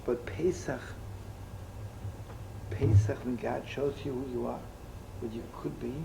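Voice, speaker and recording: Unhurried and gravelly, this rabbi speaks in a mid-range voice with fairly even intonation. He tells stories and jokes in his sermon, voicing the characters himself, with faint room noise in the live recording.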